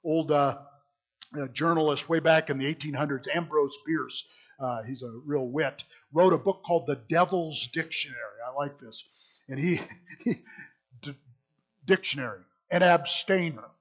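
A man preaching a sermon, stressing key words loudly, dropping to quiet asides, and calling his listeners folks. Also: on the high side, moderate pace. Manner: emphatic, swinging between loud stresses and quiet asides.

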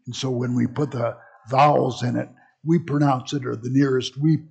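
A man's voice: medium pitch, fairly even intonation, moderate pace, gravelly, darkish tone, breathy edge. A man teaching a Bible class in a conversational way, with frequent asides and restarts. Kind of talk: casual teaching talk.

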